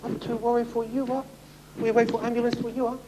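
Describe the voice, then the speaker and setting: A man putting on a high, mocking young bar owner. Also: flat delivery, quick pace, background noise. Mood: dismissive. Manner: scolding, teasing, ends phrases with "huh?".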